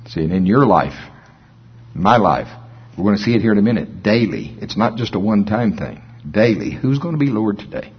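Male preacher, husky, chatty sermon delivery, slows down to read scripture, slightly low voice. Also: lively intonation, lo-fi sound. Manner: conversational, reads scripture slowly and deliberately. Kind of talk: informal sermon with scripture reading.

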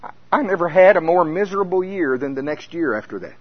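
Animated older man preaching, lo-fi. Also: a little high, quick pace, dry recording. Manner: animated storytelling, acts out scenes. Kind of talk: sermon. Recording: dull lo-fi recording.

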